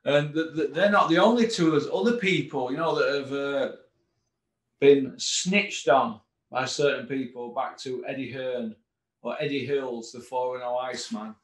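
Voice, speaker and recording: A man's voice: medium pitch, moderate pace. A middle-aged man, hosting a casual boxing rant full of sarcastic, mocking rhetorical questions. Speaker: boxing commentator host. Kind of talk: ranting casual monologue. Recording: roomy echo.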